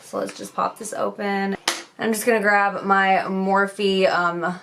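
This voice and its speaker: A woman's voice: medium pitch, fairly even intonation, a little slow, fairly bright tone, slight background noise. A young woman chatting candidly as a beauty vlogger while she does her makeup, swearing casually as she goes.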